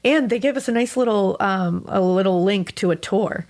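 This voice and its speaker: A woman's voice: mid-range voice, moderate pace, darkish tone. A woman co-hosting a podcast, chatting casually and reading a listener's story aloud with frequent laughs and casual swearing. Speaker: podcast co-host.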